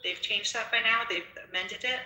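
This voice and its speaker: A woman explains her point with assurance in a casual online discussion. Her voice is very bright and sharp, and the sound is echoey. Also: mid-range voice, normal speed. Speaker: participant in an online audio room.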